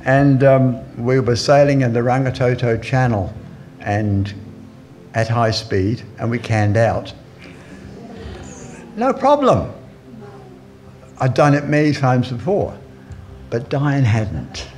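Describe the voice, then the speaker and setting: A man's voice: mid-range voice, slow pace, a little mellow, faint music behind. A man from New Zealand preaching a sermon in church, telling anecdotes with chuckling asides and fillers.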